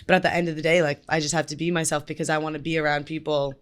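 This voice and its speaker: A young woman in her twenties co-hosting a casual podcast chat, with a low alto voice, filling her talk with "like.". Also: level tone, rapid-fire. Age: 20s. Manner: says "like" constantly, laughs easily. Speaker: podcast co-host.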